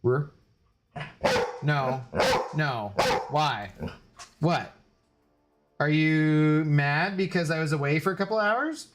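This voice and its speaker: Chatty, joking male streamer, fairly high voice. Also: slow pace, pauses often, faint music behind. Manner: chatty, joking, greets chat by name. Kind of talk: casual live-stream chat. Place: home room.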